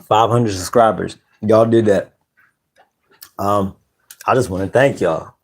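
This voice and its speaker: A man hosting a casual live stream, greeting viewers by name in relaxed slang. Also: lowish voice, slow. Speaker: channel host.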